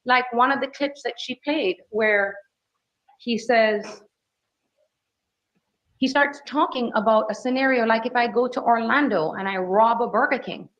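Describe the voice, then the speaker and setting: A woman's voice: fairly high pitch, measured pace, fairly bright tone. A woman attorney questioning a witness in court with firm, leading questions. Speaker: defense attorney. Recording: dull courtroom audio.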